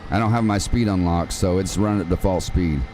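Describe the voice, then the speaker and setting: A relaxed man hosts a live gaming stream, walking his chat through each step. His voice sits a little low and sounds warm and soft-edged, with a faint hiss in the background. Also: a little fast. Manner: casual, chatty, calls viewers man and dude. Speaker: gaming livestream host. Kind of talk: live game tutorial with chat.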